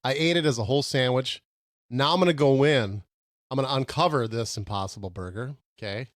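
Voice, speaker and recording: A man in casual podcast chat, reviewing a burger and pressing his argument with lively, argumentative delivery. His voice sits in a middle range. It is recorded close and dry, with no room sound. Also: medium pitch, a little fast, no echo. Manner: animated, argumentative, talks with mouth full. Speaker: podcast co-host.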